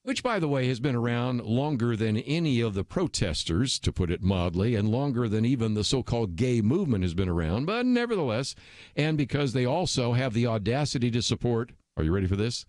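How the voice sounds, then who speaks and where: A man's voice: mid-range voice, animated, fairly quick, darkish tone, no echo, clean studio sound. A man hosting a radio talk show, giving opinionated commentary in a conversational way with frequent fillers. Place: radio studio.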